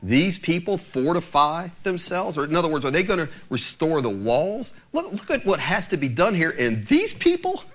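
A male pastor preaches with emphasis and animation. His voice sits a little high and swings widely in pitch. He talks straight to his listeners. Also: brisk, few pauses. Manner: animated, emphatic, addresses congregation directly. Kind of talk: sermon.

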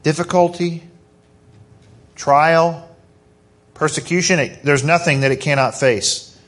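Male pastor, higher voice, slow and deliberate, emphatic sermon delivery. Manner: emphatic, animated preaching.

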